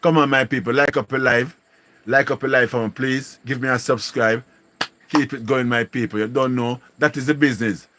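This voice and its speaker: A man's voice: medium pitch, steady tone, normal speed, a bit bright, slight background noise. A man with a Jamaican accent hosting a casual live stream, greeting viewers and repeating slangy catchphrases. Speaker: livestream host.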